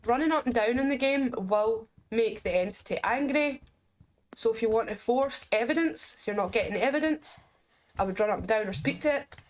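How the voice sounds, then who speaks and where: A woman with a Scottish accent talks through a game as she plays it. Her voice sits a little high, and she keeps up a chatty, explaining flow with quick jokes on the side. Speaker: game reviewer. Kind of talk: casual gameplay commentary.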